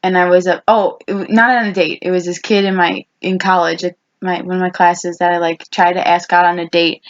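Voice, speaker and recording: A woman's voice: on the low side, little pitch movement, a little fast. A young woman in her twenties co-hosting a podcast, chatting casually with her best friend, rambling with lots of restarts and quoted asides. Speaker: podcast co-host. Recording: dull lo-fi podcast audio.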